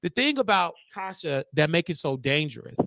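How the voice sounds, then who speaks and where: A young man hosting a casual livestream, talking in an animated, gossipy way and laughing often. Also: fairly high pitch, normal speed, gravelly, no echo. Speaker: show host.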